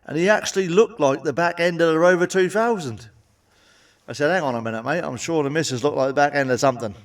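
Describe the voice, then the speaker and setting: A man's voice: fairly high pitch, fast talker, distant mic. A man telling blunt, sweary stand-up jokes and tagging them with cheeky questions. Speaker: stand-up comedian. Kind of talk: stand-up joke monologue.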